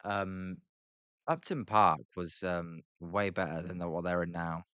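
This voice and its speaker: A man's voice: low voice, measured pace, bright, forceful tone, clean tone, no room sound, muffled recording. A British man hosting a live baseball reaction stream, mixing casual play-by-play with chatty, rambling talk full of fillers and restarts.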